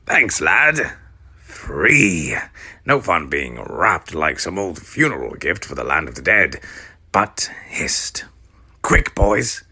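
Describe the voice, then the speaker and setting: A man puts on a sly, mysterious old guide in a storybook, talking mostly in a breathy, hushed whisper with a gravelly edge. He sits higher than a plain bass, and his low hiss is bright. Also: big pitch swings, slow pace, exaggerated voice. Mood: urgent.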